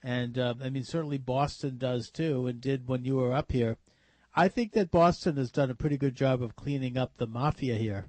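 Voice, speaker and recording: Husky-voiced talk radio host. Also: male voice, mid-range voice, darkish tone, no echo. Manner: reads aloud, halting with fillers.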